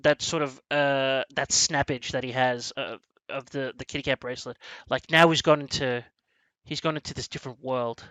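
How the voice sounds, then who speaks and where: A man hosting a casual film discussion, rambling and animated, with many restarts as he acts out lines from scenes. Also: mid-range voice, no room sound, rough recording. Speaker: movie review podcast host.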